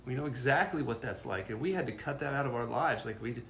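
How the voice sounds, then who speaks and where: A co-host presenting a parenting course explains things earnestly and casually, often restarting and repeating words as he thinks. He talks fast in a mid-range, gravelly, slightly bright voice, recorded in a roomy space with slight background noise.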